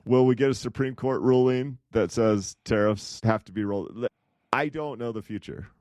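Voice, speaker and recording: A man's voice: medium pitch, moderate pace, darkish tone, no echo, clean studio sound. A man co-hosting a podcast, chatting casually and a little ramblingly about investing, with an occasional chuckle. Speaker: podcast co-host.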